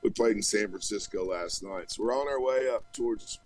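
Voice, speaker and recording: A touring musician being interviewed over a remote call, telling a long story in a chatty, rambling way with many restarts. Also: male voice, fairly low pitch, normal speed, a little mellow, no room sound, soft background music, rough recording. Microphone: remote call connection.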